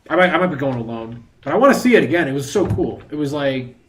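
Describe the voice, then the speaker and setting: A man's voice: a little high, animated, quick pace, a bit bright, slight background noise. A man chatting casually while streaming a game, rambling between thoughts and throwing in mocking asides. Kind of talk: casual gaming stream chat.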